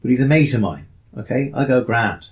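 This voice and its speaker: A man's voice: mid-range voice, lively intonation, quick pace, vocal fry, a little mellow. An older Irish man talking in a casual chat as a guest, rambling with restarts and repeated words. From Ireland.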